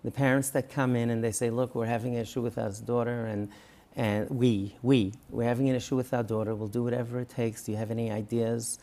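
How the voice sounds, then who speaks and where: An earnest rabbi talking through an interview, with a gravelly, creaky edge to his voice. He is a man who gets animated, often acting out the words of parents or coaches before dropping back to a plain conversational tone. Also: mid-range voice, fast, few pauses. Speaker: rabbi and guest.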